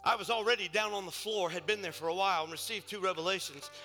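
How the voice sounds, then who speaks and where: Male pastor, high bright voice, preaching in a reverberant sanctuary with soft music behind. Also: quick pace. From Ohio, USA. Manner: storytelling, swings from hushed asides to shouted preaching. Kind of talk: sermon. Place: church sanctuary. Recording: church service with long reverb and faint music.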